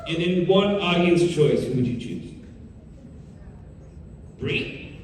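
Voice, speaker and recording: A man answering fan questions on a convention panel in a jokey, animated way, laughing often. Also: sits high, takes it slowly, long pauses. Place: large convention hall. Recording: echoey hall, distant mic, crowd and noise. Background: audience crowd.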